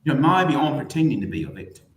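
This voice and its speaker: A man's voice: mid-range voice, sing-song, fast talker, a little hiss or hum, close to an everyday voice. A man putting on a mocking impression of a famous woman, in a sarcastic, defensive tone. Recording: echoey room.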